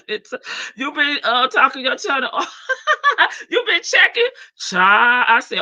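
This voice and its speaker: Bright, lively woman hosting a livestream. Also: high-pitched, drawn-out words, pauses often, dry recording, highs cut off. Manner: slangy, playful, greets chat members by name. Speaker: livestream host. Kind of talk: casual livestream chat with viewers.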